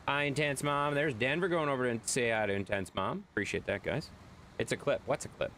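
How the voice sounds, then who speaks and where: A man's voice: mid-range voice, fairly quick, fairly bright tone, slight background noise. A man streaming live, chatting casually and rambling as he answers viewers' chat.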